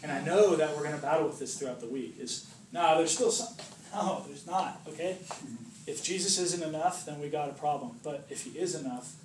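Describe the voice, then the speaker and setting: Man, informal preacher, chatty, slightly high voice, distant roomy recording, background noise. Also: a little fast. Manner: chatty, jokes and acts out voices, asks "right?" often. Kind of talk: informal sermon to a small group.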